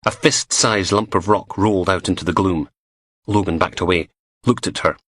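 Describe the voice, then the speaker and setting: A man narrating a crime audiobook in an expressive, vivid storytelling manner. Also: sits low, normal speed.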